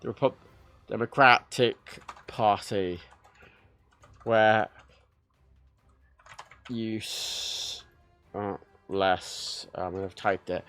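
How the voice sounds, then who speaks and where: A man's voice: on the low side, fairly even intonation, very slow, long pauses, fairly bright tone, clean tone, no room sound. A young man streaming a game, talking casually in a profane, opinionated rant. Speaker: livestreamer. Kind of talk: casual gameplay stream commentary.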